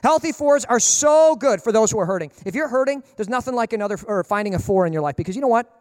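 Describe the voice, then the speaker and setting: A man preaching a sermon as pastor, emphatic and humorous, acting out people in quick asides. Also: sits high, animated, a little mellow, studio quality. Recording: long reverb of a large hall.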